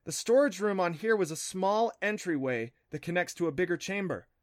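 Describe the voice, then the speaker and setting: A man's voice: high-pitched, brisk, no room sound, clean studio sound, voice pushed up, natural voice. A man voicing a clever, smug young girl who talks in a bossy, snappish way in a storybook. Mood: thoughtful.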